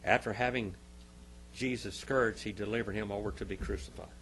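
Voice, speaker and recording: A man teaching a church Sunday school class. He swings between loud, emphatic bursts and quiet asides, and repeats phrases for emphasis. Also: on the low side, fairly even intonation, fairly quick, slight background noise.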